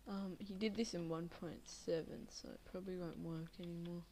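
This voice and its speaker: Drowsy young woman, gravelly low voice. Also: steady tone, normal speed, warm tone, slight background noise. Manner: drowsy, rambling, many fillers. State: tired. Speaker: Minecraft video maker. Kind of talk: casual gameplay commentary.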